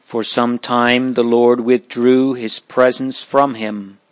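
Man reading slowly and solemnly. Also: mid-range voice, little pitch movement, dry recording. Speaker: reader. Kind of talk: reading aloud from an old memoir.

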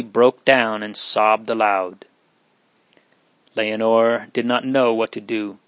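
A man narrating an audiobook of a period novel in a measured, steady way. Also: on the low side, dry recording.

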